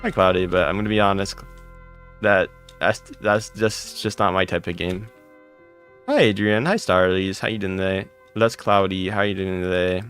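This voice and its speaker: A man's voice: sits low, little pitch movement, normal speed, a bit bright, clear, resonant tone, faint music behind. A man streaming a game live, greeting chat viewers by name one after another and answering their questions with blunt, sarcastic asides.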